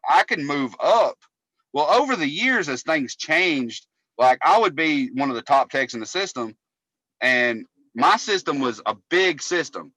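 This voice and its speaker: Guy on a podcast, bright forceful voice, swears a lot, dry close mic. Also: on the high side, sing-song, measured pace, no room sound, rough recording. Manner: profane, rambling storyteller. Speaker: podcast co-host, cable technician. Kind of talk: casual podcast chat.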